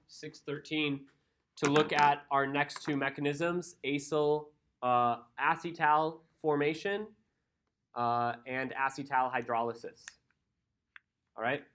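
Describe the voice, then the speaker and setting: A man teaching chemistry to a class, who moves between lecturing and loose, chatty storytelling with his students. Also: fairly high pitch. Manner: chatty, storytelling, animated when amused.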